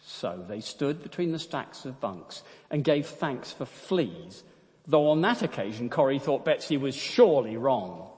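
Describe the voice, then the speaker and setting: A man's voice: medium pitch, very animated, unhurried, a little mellow, long reverb tail. A man preaching a sermon, hesitant with many fillers, then reading a story aloud.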